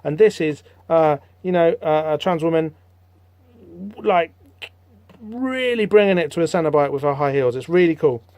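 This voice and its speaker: A man hosting a podcast, rambling through a comic book issue in casual, animated commentary with lots of fillers. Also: on the high side, moderate pace, dry recording. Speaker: podcast host.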